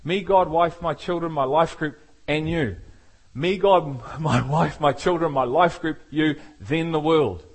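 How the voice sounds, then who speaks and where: A man preaching a sermon as pastor, animated, acting out the voices of the people he quotes. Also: on the high side, husky.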